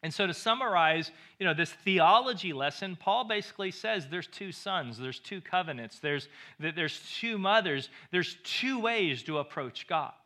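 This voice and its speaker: Bright high-voiced male pastor preaching. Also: expressive, moderate pace, few pauses. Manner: emphatic, repeats phrases for stress. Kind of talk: sermon.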